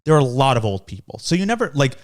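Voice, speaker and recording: Young man retelling a story, lively pitch. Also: fast talker. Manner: animated retelling, acts out quoted voices. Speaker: podcast co-host. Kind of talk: casual storytelling chat.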